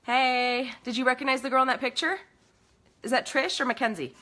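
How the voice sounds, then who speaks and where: A woman's voice: high voice, steady tone, brisk, bright, forceful tone. A woman hosting a casual live makeup stream from home, chatty and bubbly as she talks to her viewers. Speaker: makeup livestream host.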